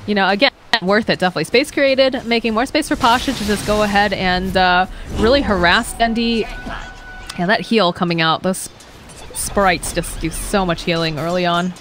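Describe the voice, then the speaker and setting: A woman casting a live esports match, chatty and quick to laugh, acting out what the players might be thinking. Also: medium pitch, fairly bright tone, soft background music. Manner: chatty, laughs easily, acts out players' thoughts. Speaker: esports caster. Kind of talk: live play-by-play commentary.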